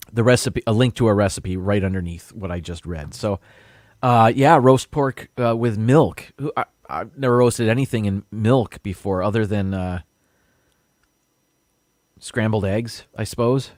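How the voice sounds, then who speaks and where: A man's voice: fairly low pitch, a little mellow, dry recording, clean studio sound. A man hosting a casual live stream, rambling a little as he reads viewer comments and stumbles over unfamiliar words.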